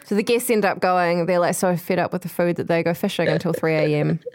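A woman's voice: on the low side, fairly even intonation, fast talker, darkish tone. A woman co-hosting a casual recap chat, telling the story with wry asides and laughter. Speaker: podcast co-host.

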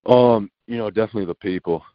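A man's voice: lowish voice, fast, dry recording. A young man being interviewed over the phone, answering plainly and hesitantly with many fillers. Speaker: guest football recruit. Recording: dull dry phone line.

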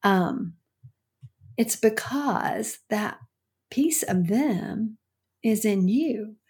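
Husky-voiced woman co-hosting a podcast. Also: medium pitch, extremely slow. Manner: calm, steady, many affirming murmurs. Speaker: podcast co-host. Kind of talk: casual podcast chat.

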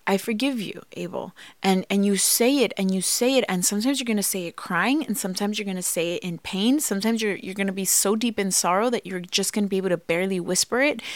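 Talking fast in a medium-pitched voice, with no room sound, a podcast co-host gives heartfelt, earnest guidance on marriage. She's emphatic as she speaks about forgiveness.

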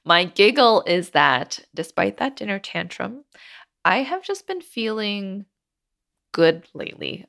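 A woman's voice: sits low, vocal fry, fairly bright tone. A woman in her thirties hosting a podcast, chatting candidly and acting out her stories expressively. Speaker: podcast host. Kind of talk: candid casual chat.

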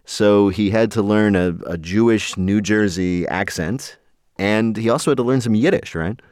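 Low-voiced joking interview host. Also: male voice, a little mellow, dry recording, studio quality. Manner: quick joking asides. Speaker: podcast host. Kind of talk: interview conversation.

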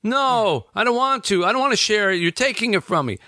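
A man's voice: high-pitched, expressive, a little fast, sharp tone, no echo, clean studio sound, pitched above the performer's own voice. A man voicing a whiny, possessive young child who refuses to share.

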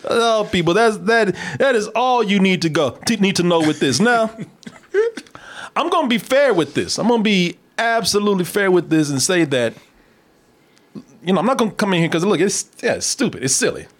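An animated man with a high voice that climbs and dips all over the place. He hosts a loose, jokey film review and breaks into laughter often. His talk is casual and peppered with swearing. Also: moderate pace. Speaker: podcast host reviewing a film. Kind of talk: casual comedic review chat.

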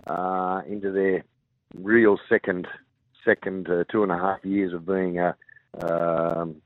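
A low-pitched Australian man coaching rugby league, speaking in halting bursts full of fillers and restarts. His voice comes through a tinny phone line, dry and close. It sounds like a call-in to a sports radio show. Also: level tone, no room sound. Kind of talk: radio interview over the phone.

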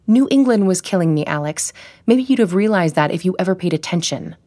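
A woman's voice: on the low side, animated, fairly quick, warm tone. A woman reading an audiobook, voicing a frightened but defiant woman who speaks firmly and tensely. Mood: angry.

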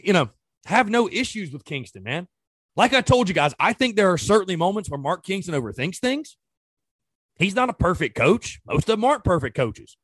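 A sports podcast host gives casual commentary, ranting in exasperation and throwing out one rhetorical question after another. His high voice swings widely in pitch, very animated and fairly quick with a breathy edge, as he works himself up. The sound is dry and close, with no room sound or echo.

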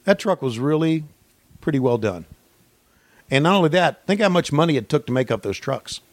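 A man co-hosting a podcast, riffing a profane mock play-by-play that swings from low mumbling to yelled excitement. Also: moderate pace, no room sound. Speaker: podcast co-host.

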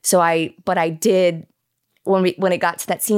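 A woman's voice: lowish voice, fairly even intonation, fairly quick, darkish tone. A woman guest on a podcast, candidly telling stories about her acting career in casual chat. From United States. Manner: candid, chatty storyteller. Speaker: actress guest.

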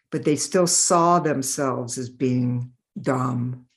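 A middle-aged woman in a podcast interview, telling stories in an animated way and acting out the voices of the people in them. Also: sits low. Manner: animated, acts out voices in her anecdotes. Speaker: developmental optometrist.

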